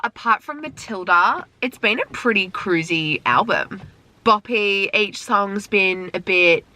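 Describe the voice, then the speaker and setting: A woman's voice: medium pitch, sharp tone. A young woman vlogging her reaction to music from inside her car, gushing and emotional. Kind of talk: casual reaction commentary. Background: album music playing.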